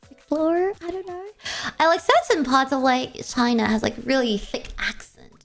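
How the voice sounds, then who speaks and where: A young woman with a high voice chats casually to her stream, rambling through a story with plenty of "like" and "um". Faint music plays behind her. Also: lively intonation, normal speed, gravelly. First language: English. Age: young adult. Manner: rambling storytelling, many fillers. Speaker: vtuber streamer. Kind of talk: casual chat.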